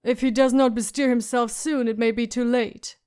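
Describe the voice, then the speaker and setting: A woman's voice: a little high, steady tone, moderate pace, a little mellow, clear, resonant tone, close to an everyday voice. A woman reading an audiobook, voicing a stout scarred man who schemes in a worried, pressing manner.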